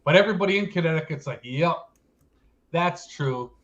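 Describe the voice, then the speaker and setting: A man's voice: on the high side, expressive, brisk, fairly bright tone, highs cut off. A man co-hosting a casual chat show, telling stories in a chatty, self-mocking way. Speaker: co-host.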